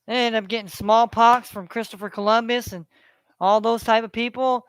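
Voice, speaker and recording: A man on a heated, preachy rant, swearing freely and circling back to the same phrases. His voice is smooth and resonant. The sound is close and dry, with no room around it. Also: extremely high pitch, steady tone, normal speed, fairly bright tone, no echo. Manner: profane, preachy, repeats phrases. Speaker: vlogger. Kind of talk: ranting monologue.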